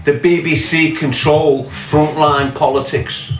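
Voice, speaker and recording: Scouse man, angry sweary rant, raised pitch, echoey room, faint music behind. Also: steady tone, takes it slowly. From Liverpool, England. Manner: angry, ranting, sweary, repeats pointed questions. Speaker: podcast host. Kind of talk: impassioned monologue.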